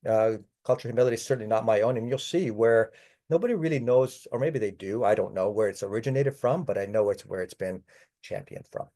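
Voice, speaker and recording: A man's voice: fairly low pitch, brisk, warm tone. A man giving a conversational palliative care presentation over a video call, often addressing his audience as folks. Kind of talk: online webinar talk.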